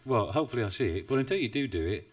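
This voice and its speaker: A man's voice: mid-range voice, lively intonation, rapid-fire, recorded from a distance. A man chatting casually on a trading live stream, rambling and self-deprecating, with frequent chuckles. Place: home desk in the UK. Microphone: desk mic, not well placed.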